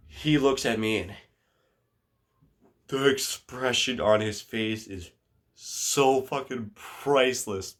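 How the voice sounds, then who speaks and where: A man telling a story on his vlog in a casual, animated way, swearing freely and often restarting his sentences. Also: mid-range voice, takes it slowly, pauses often.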